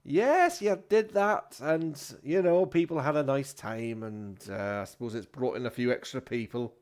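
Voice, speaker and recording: A man's voice: medium pitch, expressive, moderate pace, darkish tone, pitched above the performer's own voice, close to an everyday voice. A man voicing a weary male barman who answers politely and a bit resignedly. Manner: mild, resigned replies.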